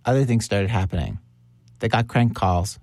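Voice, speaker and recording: A man hosting a documentary audio show, narrating a story calmly and putting questions to his guests. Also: lowish voice, moderate pace, dry recording. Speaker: host and interviewer.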